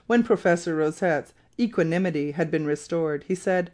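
Even, measured audiobook narrator. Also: mid-range voice. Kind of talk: scripted narration of a classic novel.

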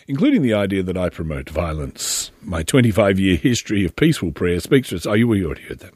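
A man's voice: low voice, very animated, a little fast, slightly rough, dry recording, studio quality. A middle-aged man, hosting a podcast and rambling through a sardonic solo commentary full of joking asides. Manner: sardonic, meandering, jokey asides. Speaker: podcast host.

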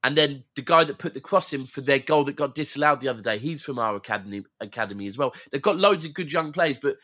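A man guests on a casual football talk show, speaking with a bright, clear tone. He talks in a laid-back, slang-filled way and gives firm opinions. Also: medium pitch, expressive, quick pace. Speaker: guest pundit and YouTuber.

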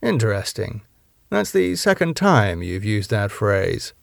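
A man's voice: on the low side, sing-song, measured pace, gravelly, no room sound, clean studio sound, heavily acted. A man voicing a senior male police chief who speaks formally and probes with careful questions. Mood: probing.

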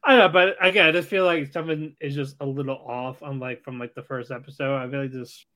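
A man's voice: mid-range voice, steady tone, quick pace, pushed and bright. A man co-hosting a casual podcast, talking hesitantly and repeating words as he searches for them. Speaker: podcast co-host. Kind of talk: casual anime review chat.

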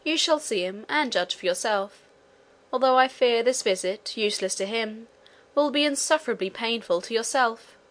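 A woman's voice: fairly high pitch, lively intonation, normal speed, fairly bright tone. A woman reading the lines of a proud, ambitious young nobleman in an audiobook, with a haughty, grandiloquent delivery. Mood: grave.

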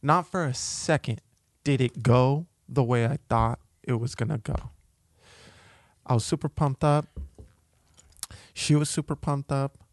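A man's voice: medium pitch, measured pace, pauses often, no room sound. A man co-hosting a comedy podcast, telling a story in a loose and profane way into a close mic. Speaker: podcast co-host.

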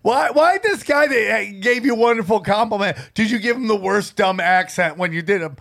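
A man co-hosting a casual comedy podcast, talking in a loud, excitable and crude jokey way. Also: sits high, moderate pace, creaky. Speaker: podcast co-host.

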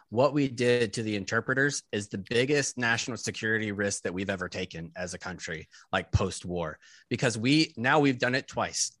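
A man's voice: fairly low pitch, a bit bright, dry recording, studio quality. A man co-hosting a casual political talk show, blunt and profane, with a mocking edge. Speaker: podcast co-host.

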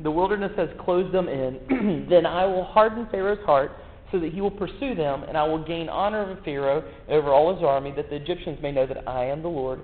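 A man's voice: a little high, fairly quick. A man preaching a sermon in a folksy, joking way, full of rhetorical questions. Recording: echoey hall, tinny phone-like sound.

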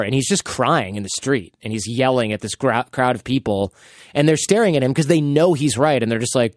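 A man's voice: medium pitch, a little fast, no room sound, studio quality. A man in his thirties hosting a podcast, chatting casually and acting out quotes as he tells stories. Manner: animated storyteller, acts out quotes. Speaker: podcast host.

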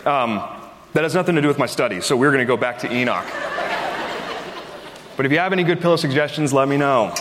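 A man's voice: a little high, expressive, fast talker, a bit bright, a little hiss or hum. A man, a pastor, preaching a sermon and opening with a chatty personal story in which he acts out the voices he quotes. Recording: long hall reverb.

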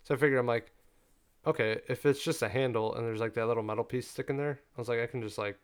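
A young man telling a story in casual chat, profane and animated, full of "like" fillers. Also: medium pitch, fast, clean tone.

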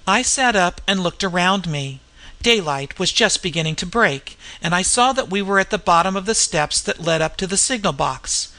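Gravelly bright-toned audiobook reader. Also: medium pitch, expressive. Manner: measured storytelling with character voices. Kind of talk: audiobook narration.

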